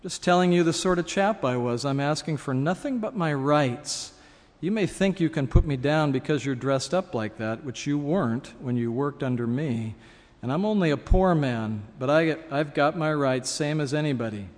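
A man voicing the ghost of a self-righteous working man who insists, loudly and sulkily, on his own decency. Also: fairly high pitch, animated, normal speed, in a large hall, natural voice. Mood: indignant. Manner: indignant, insistent, sulky.

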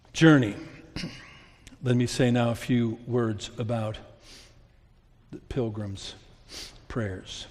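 A male pastor delivering a sermon in an unhurried, deliberate cadence. He pleads earnestly, swelling on emphatic phrases and sinking low and soft between them. His voice trails off in the long echo of a large sanctuary. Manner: earnest, rising to emphatic peaks then dropping soft. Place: church sanctuary. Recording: long reverb of a large hall.

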